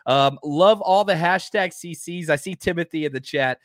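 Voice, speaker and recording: Excitable rambling male podcast host. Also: on the high side, moderate pace, dry recording, clean studio sound. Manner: rambling, excitable, many fillers. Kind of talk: casual live-stream podcast chat.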